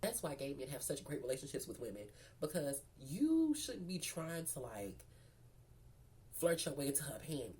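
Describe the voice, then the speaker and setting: A woman's voice: sits low, very animated, normal speed, a little mellow. A woman from Memphis telling a personal story in a sassy, profane, chatty way, calling her viewers girl and baby. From Memphis, Tennessee. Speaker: storyteller vlogger. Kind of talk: casual storytime.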